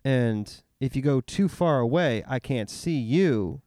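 A man's voice: mid-range voice, expressive, slow pace, warm tone, no echo, studio quality. A man co-hosting a comedy podcast, riffing on goofy, absurd wordplay. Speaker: podcast co-host. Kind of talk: casual comedic chat.

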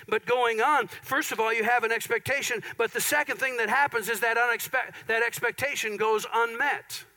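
A pastor preaching a conversational sermon, with playful asides and an Upper Midwest American accent. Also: male voice, very high voice, pushed and bright, rough recording.

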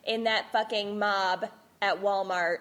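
A woman's voice: medium pitch, fairly even intonation, slow, a bit bright. A woman co-hosting a podcast, chatting bluntly and swearing freely. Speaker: podcast co-host. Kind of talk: casual chat.

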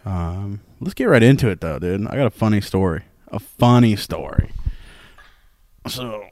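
A man's voice: fairly low pitch, lively intonation, normal speed, a little mellow. A young man hosting a casual sports podcast, telling stories loosely with lots of swearing and laughter. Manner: loose, profane, storytelling, laughs often. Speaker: podcast host.

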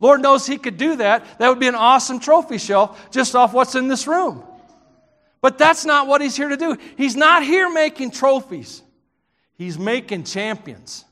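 A man with a Southern US accent preaching a sermon, telling stories in an animated, joking way and breaking into shouts. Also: very high-pitched, moderate pace. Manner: animated, joking storyteller who bursts into shouts. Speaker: pastor. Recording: long hall reverb.

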